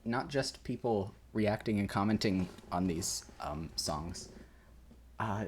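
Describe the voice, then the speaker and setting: Laid-back male reaction host, low and slightly husky, loose chatty delivery over soft music. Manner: rambling and laid-back, swears, chuckles often. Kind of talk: casual reaction commentary. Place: at home in his room. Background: game soundtrack playing softly.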